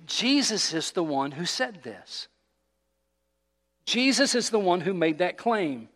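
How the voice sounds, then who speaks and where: A man with a high, somewhat bright voice preaches in a large hall that serves as a church sanctuary. As the pastor, he keeps his sermon conversational and repeatedly asks his listeners questions.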